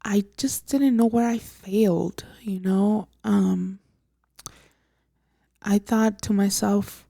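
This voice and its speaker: A young woman hosting a podcast, telling a personal story in a halting, emotional way with many fillers and restarts, often soft and breathy. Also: medium pitch, fairly even intonation, no room sound, clean studio sound. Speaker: podcast host.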